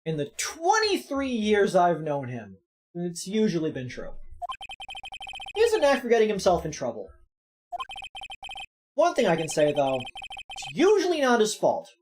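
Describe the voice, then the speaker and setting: A woman's voice: fairly low pitch, huge pitch swings, a little slow, pauses often, background noise. Phoenix Wright, a woman reading as a rookie lawyer. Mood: narrating. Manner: reading narration aloud, jokey asides. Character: nervous rookie male defense lawyer.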